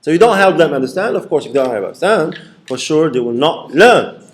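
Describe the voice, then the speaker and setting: Man lecturing a class, slightly high voice. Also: sing-song, brisk. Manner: explains by repeating points, checks in with "okay?". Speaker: university lecturer.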